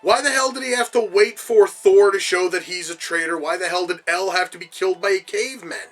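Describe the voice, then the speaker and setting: A man's voice: high voice, fairly quick, a bit bright, soft background music, low-quality recording. A man giving casual reaction commentary on a film, with profane, exasperated rants. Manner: profane, exasperated ranting asides. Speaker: movie reviewer.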